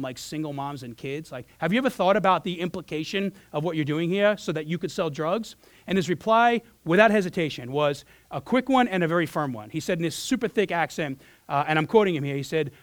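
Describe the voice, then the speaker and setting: Earnest pastor, conversational sermon. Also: male voice, on the high side, dry recording. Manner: conversational, earnest, filler-heavy with restarts.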